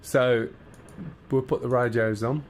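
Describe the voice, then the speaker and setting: A man's voice: medium pitch, fairly even intonation, slow, noisy background. A man with a Black Country accent, a streamer chatting casually with viewers and walking through cockpit start-up steps. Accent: Black Country English. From English Midlands. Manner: chatty, bantering with chat while explaining cockpit steps. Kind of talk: casual live-stream chat.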